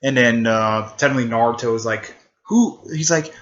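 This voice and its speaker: Halting man rambling through a fan story. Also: mid-range voice, a bit bright, dull audio. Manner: halting, filler-heavy, repeats "technically" and "there".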